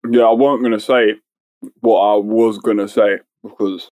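A man's voice: fairly low pitch, fairly even intonation, moderate pace, a little mellow. A talkative man co-hosting a casual podcast, fidgety, swearing and laughing a lot. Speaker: podcast co-host. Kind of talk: casual chat. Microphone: desk mic, sometimes moving away.

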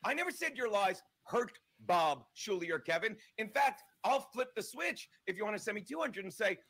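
A man's voice: high voice, sing-song, normal speed, hardly any pauses, a bit bright. A man ranting combatively and profanely as a livestream guest.

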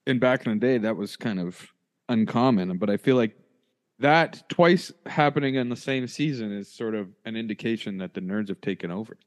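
A man's voice: fairly low pitch, animated, moderate pace. A man hosting a casual podcast chat, playful and bantering with his co-host.

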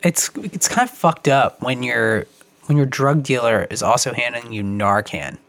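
A man hosting a casual podcast chat, talking in a halting, profane way with many restarts. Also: mid-range voice, a bit bright, no echo.

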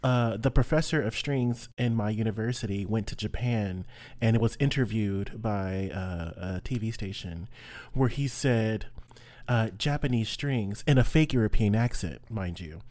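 A man co-hosting a tabletop role-playing podcast in casual, animated chat with gossipy asides. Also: fairly low pitch, moderate pace. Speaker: podcast co-host and player.

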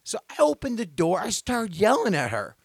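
A man's voice: high-pitched, wildly swooping pitch, normal speed, creaky, slightly rough, no room sound. Rambling male podcast host, dry sound. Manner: rambling storyteller, restarts often, gets loud when retelling. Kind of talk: casual podcast chat.

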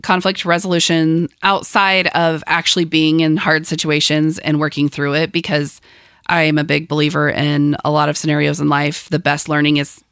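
A woman in her thirties co-hosting a podcast with a lowish voice that is a bit raspy from a cold. She rambles through chatty asides and laughs easily. The voice is close to the mic in a dry room. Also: little pitch movement, moderate pace, fairly bright tone, dry recording. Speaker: podcast co-host. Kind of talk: casual podcast chat.

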